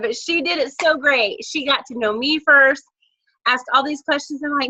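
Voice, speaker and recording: A woman's voice: high voice, normal speed, lo-fi sound. A woman leading her sales team on a video call, chatty and candid, telling stories as she coaches. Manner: chatty, candid, lively storytelling. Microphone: laptop video call mic.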